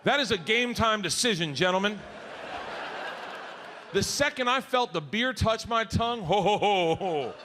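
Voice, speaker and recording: A middle-aged man telling profane stand-up stories, breaking into shouts. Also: high-pitched, animated, moderate pace, long pauses, background noise. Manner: rowdy, profane storytelling with shouted bursts. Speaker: stand-up comedian. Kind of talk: stand-up comedy routine. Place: stage before a live audience.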